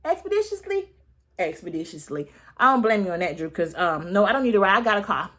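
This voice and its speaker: A woman in her thirties giving a casual, sassy recap of a reality show, chatty and full of slang and quick asides. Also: mid-range voice, bright, forceful tone. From United States. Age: 30s.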